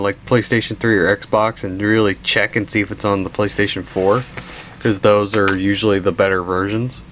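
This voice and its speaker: A man's voice: fairly low pitch, fairly bright tone, a little hiss or hum. A tired young man casually showing his game collection, rambling with restarts and stifled yawns while filming. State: sleepy. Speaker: collection video host. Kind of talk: casual show-and-tell narration.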